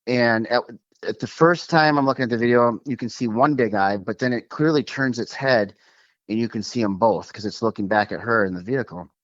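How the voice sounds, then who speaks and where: A man from Minnesota telling a story as a guest, animated and quick, with many fillers. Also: medium pitch, dry recording, muffled recording. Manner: animated, fast, lots of fillers like "like" and "um". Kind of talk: casual storytelling over a call.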